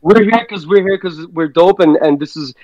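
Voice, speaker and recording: A man's voice: on the high side, normal speed, a little mellow, no echo, highs cut off. A man guesting on a podcast, telling stories in a laid-back, slangy way and swearing freely. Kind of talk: casual storytelling chat.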